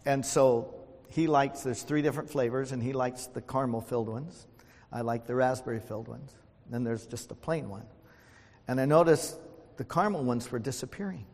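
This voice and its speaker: A man's voice: mid-range voice, normal speed, darkish tone. Older male preacher, homespun illustrations, asks the room for amens; recorded in a reverberant sanctuary. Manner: folksy storytelling, calls for amens. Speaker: pastor. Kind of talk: sermon. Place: church sanctuary. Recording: long hall reverb.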